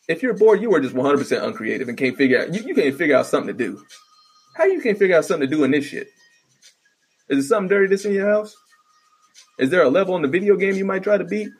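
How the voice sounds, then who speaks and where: A gravelly, husky-voiced man rants, swearing constantly and stumbling over his words. His exasperation drives the whole delivery, with plenty of restarts along the way. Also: mid-range voice. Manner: profane, ranting, exasperated, stammering restarts. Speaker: vlogger ranting. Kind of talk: profane comedic rant.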